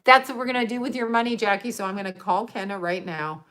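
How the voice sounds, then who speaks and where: A woman's voice: mid-range voice, fast talker, a bit bright. Chatty woman hosting a livestream. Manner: chatty, laughs often, rambling. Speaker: livestream host. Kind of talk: casual livestream chat.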